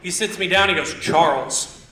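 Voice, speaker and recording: A young man from Indiana doing a stand-up comedy set on a theater stage, telling rambling stories and punching lines with sudden shouts. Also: high-pitched, moderate pace. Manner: loose, rambling storytelling with stutter-mimicking bits and sudden shouted punchlines. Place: theater stage with live audience. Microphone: handheld stage mic. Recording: roomy theater sound.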